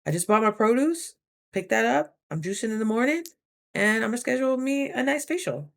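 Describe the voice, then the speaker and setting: A young woman vlogging casually, chatty and animated, acting out her own thoughts in quick asides. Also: fairly high pitch, vocal fry. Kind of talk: casual talking-to-camera vlog.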